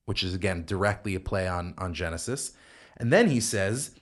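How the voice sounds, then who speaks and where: A man with a fairly low voice leads a podcast Bible study as a rabbi. He walks through verses step by step and quotes Hebrew lines. His speech is full of restarts and asides. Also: animated, measured pace, a bit bright. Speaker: rabbi co-host explaining scripture.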